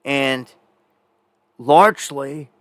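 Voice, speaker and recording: A man's voice: medium pitch, drawn-out words, dry recording, clean studio sound. A man hosting a live independent news show, talking in a rambling, conversational way with many fillers and restarts. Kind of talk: casual live news commentary.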